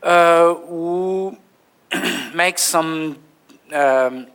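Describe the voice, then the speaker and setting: Halting French-accented man, slow talker. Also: on the high side, a bit bright. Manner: halting non-native English with many fillers. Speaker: panel speaker, professor. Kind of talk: conference presentation. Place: lecture hall.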